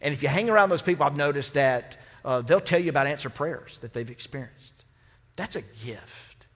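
A male pastor with a slightly high voice speaks at normal speed into a microphone, giving a conversational, humorous sermon and posing rhetorical questions to the congregation. The church sanctuary carries a long hall reverb.

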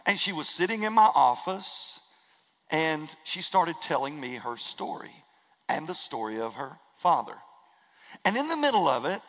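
A man preaching in a church, with an earnest, emphatic delivery that leans on repeated phrases. His voice sits a little high for a man and trails off into a long hall reverb. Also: sing-song, normal speed, a bit bright. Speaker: pastor. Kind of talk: sermon. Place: church sanctuary.

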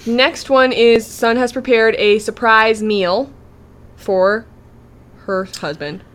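A woman co-hosting a podcast, casually recapping an episode and acting out characters in quick mock voices with laughs. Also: a little high, a bit bright. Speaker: podcast co-host.

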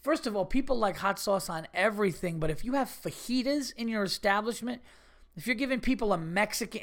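A man telling a story on his podcast in a loose, conversational way. He curses freely, and his voice swings up into sharp, indignant outbursts before dropping back to an easy, chatty tone. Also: sits high. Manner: animated, swearing, rising to indignant bursts. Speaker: podcast host. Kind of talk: casual storytelling monologue.

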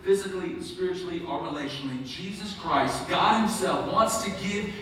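A man preaching an Easter sermon in church, emphatic and swinging between soaring calls and hushed asides. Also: high-pitched, normal speed, slight background noise. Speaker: pastor. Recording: echoey hall from far off.

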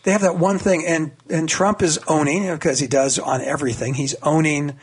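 A husky-voiced man in his sixties talks politics as a guest on a radio show. He gets excited easily, his voice climbing high as he trips over restarts, and sits a little higher in pitch than most men. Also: moderate pace. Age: 60s. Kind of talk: casual political radio chat.

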